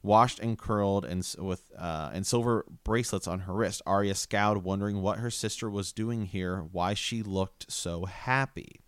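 A man co-hosting a podcast, reading a book aloud haltingly with fillers and stumbles. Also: fairly low pitch, smooth, no room sound. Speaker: podcast co-host.

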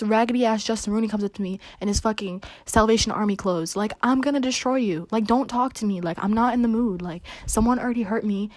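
A woman's voice: medium pitch, no room sound. A young woman telling a school story in a casual rant, swearing constantly and roasting people who teased her. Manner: profane, mocking, animated storytelling. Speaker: vlogger.

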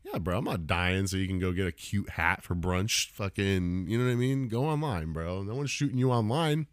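A man's voice: low-pitched, moderate pace, clear, resonant tone, dry recording, studio quality. A man in his thirties hosting a solo comedy podcast, ranting casually with lots of swearing and laughter. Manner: profane, rambling, laughs often.

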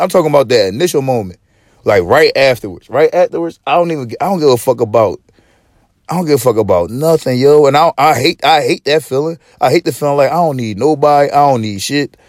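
A man's voice: mid-range voice, animated, quick pace, darkish tone, dry recording, studio quality. A man hosting a podcast, ranting in casual slang with lots of swearing and stop-start restarts. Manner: profane, rambling, with frequent restarts; preachy street-slang delivery. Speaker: podcast host.

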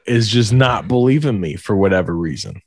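A man's voice: lowish voice, expressive, moderate pace, a little mellow, slightly rough, no room sound, clean studio sound. A young man in casual conversation, laid-back, musing aloud and swearing casually. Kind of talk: casual podcast chat.

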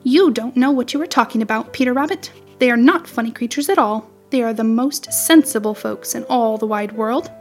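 A fussy, sharp-tongued little wren scolds and chatters in a storybook reading, as a woman puts her on. The voice sits fairly high and stays tart and quick to reprove. Faint music plays underneath. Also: close to an everyday voice. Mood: scolding.

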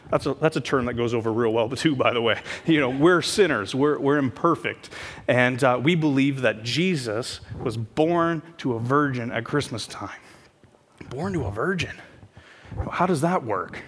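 A man telling a funny story from his own life in a sermon, self-mocking and animated. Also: medium pitch, normal speed. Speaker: preacher. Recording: hall reverb with faint background noise.

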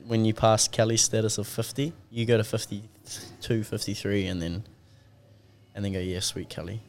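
A young man with a lowish voice hosts a casual podcast. He talks loosely and swears a lot, telling stories and acting out both sides of each conversation. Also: little pitch movement, moderate pace, a little mellow, a little hiss or hum. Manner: laid-back, swears a lot, tells stories with acted-out dialogue. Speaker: podcast host.

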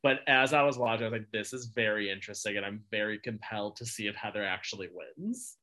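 A man with a bright, clear voice chats enthusiastically in a casual group talk. He leans on fillers like "like" and keeps a lively, easy tone. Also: lowish voice, quick pace. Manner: chatty, uses lots of "like", enthusiastic. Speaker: podcast co-host.

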